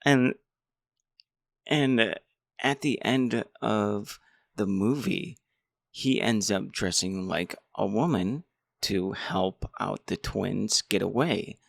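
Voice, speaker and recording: A man's voice: lowish voice, takes it slowly, vocal fry, no echo, studio quality. A man rambling casually through a movie review. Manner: rambling, many restarts. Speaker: movie commentator.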